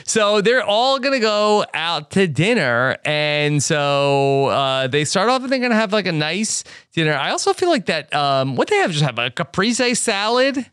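A man's voice: high voice, big pitch swings, moderate pace, few pauses, fairly bright tone, clean tone, no echo, clean studio sound. A man hosting a podcast, chatting casually with sarcastic, mock-exasperated asides. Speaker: podcast host. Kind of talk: casual recap chat.

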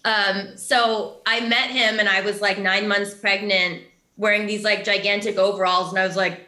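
Chatty woman interviewee, bright tone, roomy room sound. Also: medium pitch, steady tone, normal speed. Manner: chatty, giggly, lots of "like" and "um". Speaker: actress interviewee. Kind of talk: casual interview chat.

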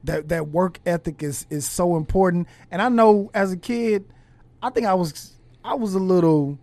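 High-voiced male host, reflective and halting. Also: darkish tone, dry recording. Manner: reflective, halting, with many restarts. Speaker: podcast host. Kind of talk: casual conversation.

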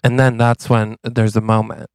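A man's voice: fairly low pitch, creaky, clean tone, no echo. A man co-hosting a podcast, animatedly narrating an improvised comic movie plot. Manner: animated, acts out lines, quick asides. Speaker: podcast co-host.

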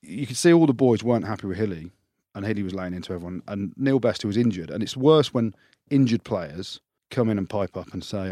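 A man, a former rugby player, co-hosting a podcast and telling stories fast in casual chat, swearing freely. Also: on the low side, expressive, mellow, dry recording, clean studio sound.

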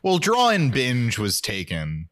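A man riffs through an episode recap with his co-hosts, tossing off dry jokes and quick asides. His voice sits in a middle register but moves a lot, rising and dipping with each punchline. The talk is loose and conversational. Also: medium pitch, wildly swooping pitch, fairly bright tone. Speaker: podcast co-host. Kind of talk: casual chat recapping a TV episode.

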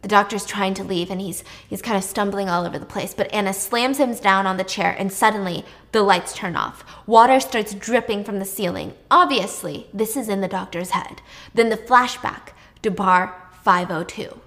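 A woman casually retelling a drama's plot, chatty and lively, raising her voice when she acts out the characters' lines. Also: moderate pace. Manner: chatty, acts out dialogue with raised pitch. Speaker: drama recap narrator. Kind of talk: casual storytelling recap.

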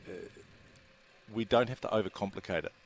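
A New man, a racing industry chief executive, answering interview questions in a measured, businesslike way with the odd filler. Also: fairly low pitch. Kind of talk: studio interview.

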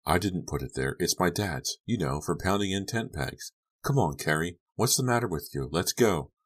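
A man's voice: sits low, animated, normal speed, slightly rough. A man voicing a frightened, desperate teenage girl who talks in an urgent, pleading way in an audiobook. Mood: insistent. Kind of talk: audiobook character reading.

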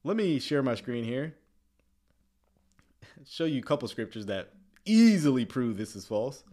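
Man, casual commentary, animated pitch, laughs a lot, loud bursts then mutters. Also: a little slow. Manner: chuckles often, jumps between quiet asides and excited outbursts. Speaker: commentator reacting to clips.

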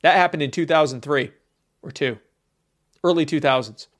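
A man's voice: fairly high pitch, moderate pace. A man from the United States giving a sarcastic, emphatic opinion monologue, with many fillers.

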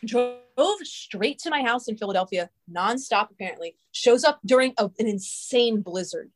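A young adult woman tells a long, rambling story, swearing often and filling her talk with "like". She sounds fairly high-pitched and animated, speaking at normal speed.

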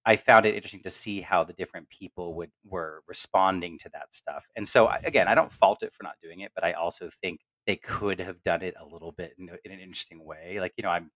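A man's voice: deep voice, quick pace, hardly any pauses, a bit bright, no echo. A man co-hosting a casual podcast roundtable, rambling with lots of fillers and restarts. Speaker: podcast co-host.

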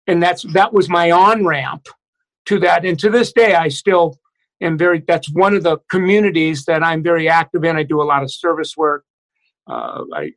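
A man in middle age with a notably high voice, speaking as an interview guest. He tells his story in a halting way, full of restarts and fillers. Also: a bit bright, low-quality recording. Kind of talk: candid personal storytelling.

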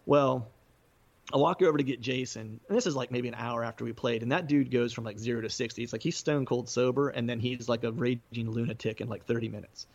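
A man with a gravelly, creaky voice rambles through a story from his band days, full of fillers and quick laughs. His pitch sits in the middle of the male range. The sound is dull and lo-fi. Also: fairly even intonation. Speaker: musician guest telling a story. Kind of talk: casual storytelling.

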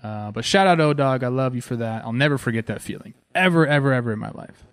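A man in his thirties from Southern California, a former pro ballplayer telling a story with excitement as he talks over game footage. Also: medium pitch, fast talker, no echo. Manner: excited and animated, says "man" a lot. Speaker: former pro baseball player hosting a video series.

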